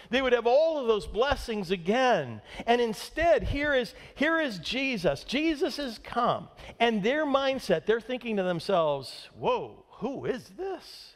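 A male pastor preaching a sermon, animated and peppering the congregation with rhetorical questions. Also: high voice. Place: church sanctuary. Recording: long church hall reverb.

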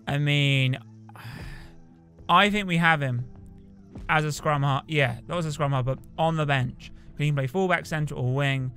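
A young man chatting casually and excitably as he plays a rugby video game. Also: a little high, measured pace, faint music behind. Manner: chatty, excitable, cheers on his team. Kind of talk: casual gameplay commentary.

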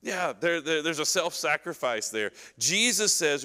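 Bright-voiced man teaching a Bible class. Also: on the high side, moderate pace, hardly any pauses, in a large hall. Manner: animated, acts out scripture quotes and questions the class.

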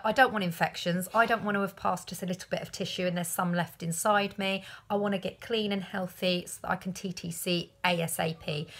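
Woman, 30s, mid-pitched, candid vlog delivery, loose and rambling. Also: fairly bright tone. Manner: candid, rambling, recounts conversations. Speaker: vlogger. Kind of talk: personal vlog update.

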